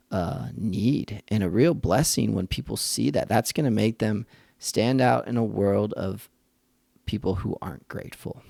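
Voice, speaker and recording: Man, podcast host, earnest and conversational, gravelly voice, dry close sound. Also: lowish voice, a little mellow, dry recording. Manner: earnest, conversational, thinking aloud. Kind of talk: reflective faith-based podcast monologue.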